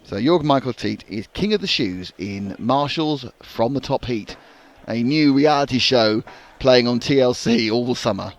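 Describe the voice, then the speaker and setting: A man gives live race commentary with banter, quick and jokey as he teases his co-host. His voice is mid-range and animated.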